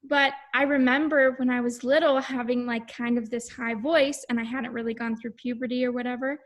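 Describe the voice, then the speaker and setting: High-voiced young woman student. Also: level tone, brisk. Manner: reflective, lots of "like" fillers. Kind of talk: casual chat.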